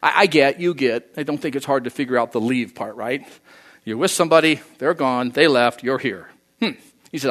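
Male pastor mid-sermon; animated, voices the people he quotes, slightly higher pitch. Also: unhurried. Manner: animated, acts out quoted voices, swings from loud to soft.

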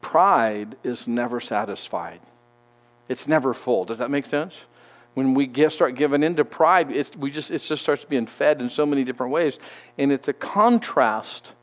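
A man's voice: medium pitch, lively intonation. Man teaching scripture, conversational. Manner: conversational, halting, with restarts while reading scripture. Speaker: Bible teacher. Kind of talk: sermon.

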